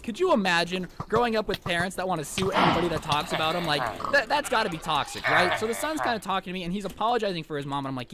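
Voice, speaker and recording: A man in his twenties telling a story in an animated, sarcastic and mocking way. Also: high voice, quick pace, few pauses. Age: 20s. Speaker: YouTuber telling a story over gameplay. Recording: loud background noise.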